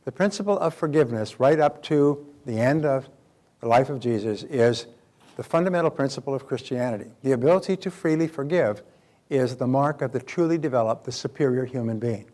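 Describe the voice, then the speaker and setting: An older man delivers a live self-help seminar in a mid-pitched voice. He tells stories with animated energy and briefly takes on the voices of the people he quotes. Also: brisk. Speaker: motivational seminar speaker.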